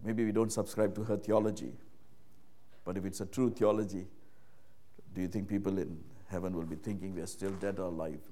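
A man preaching a sermon in a conversational way, full of "you know" and "right?", moving from hushed low talk to loud, raised passages. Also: level tone, brisk.

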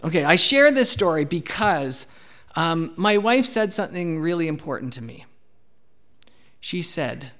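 A man in his thirties, a pastor preaching a sermon and telling a candid personal story, with bursts of loud acted shouting. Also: fairly high pitch, normal speed. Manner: candid storytelling, acts out his own outbursts loudly.

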